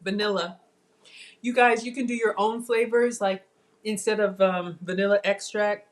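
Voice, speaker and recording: This cooking vlogger speaks at a normal speed with a medium pitch and a steady tone. She's tasting food during a live stream, chatting easily with viewers, calling them "y'all" and clearly enjoying every mouthful.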